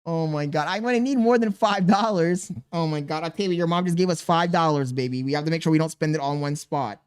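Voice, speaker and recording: A man's voice: on the high side, quick pace, smooth. A young man streaming casually, reading chat aloud and answering with mock exasperation while talking to his baby daughter.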